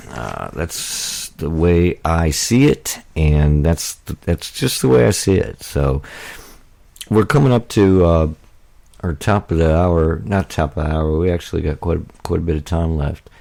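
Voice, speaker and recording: A man's voice: low voice, gravelly, a little mellow. An American man hosting a political talk radio show, speaking in a rambling, indignant way with many fillers and restarts.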